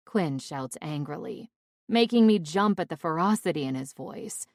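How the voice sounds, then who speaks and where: A woman with a low-set voice reads a first-person romantic comedy, leaning into exasperation and sarcasm. The recording is dry and close, with no room around her. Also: moderate pace, no echo. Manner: expressive, exasperated. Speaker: audiobook narrator. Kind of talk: first-person audiobook narration.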